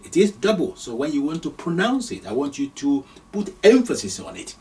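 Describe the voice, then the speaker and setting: A man's voice: on the high side, sing-song, fairly quick, mellow, far from the mic. A man from Nigeria teaching Arabic letters step by step, patiently repeating each sound and chuckling now and then. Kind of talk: slow step-by-step lesson.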